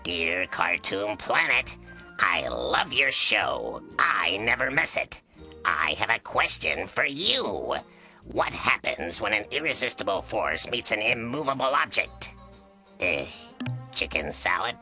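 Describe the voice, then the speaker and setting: An actor playing a sarcastic, grumpy male mantis in a TV cartoon, with a dry, deadpan, sneering delivery. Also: fairly low pitch, slow pace, soft background music, exaggerated voice. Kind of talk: TV cartoon voice acting.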